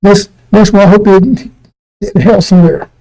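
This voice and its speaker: Gravelly, dark-toned preacher man. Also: sits high, normal speed, low-quality recording. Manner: blunt and profane, mocking voices, laughing. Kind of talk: loose street sermon.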